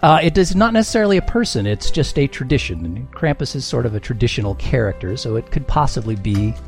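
A man's voice: medium pitch, sing-song, fast talker, soft background music. A man hosting a comedy quiz game on a podcast, reading scores and answers with a wry, self-mocking manner.

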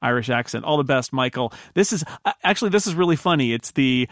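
A man co-hosting a podcast, chatting casually and reading out listener emails with quick asides. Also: medium pitch, lively intonation, a bit bright, no room sound, clean studio sound. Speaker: podcast co-host. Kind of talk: casual chat.

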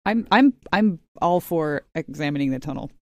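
A woman takes part in a tabletop role-playing game, weighing options and asking practical questions. Her voice sits fairly low, recorded close and dry with no room sound. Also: lively intonation, moderate pace, darkish tone, no room sound. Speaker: player.

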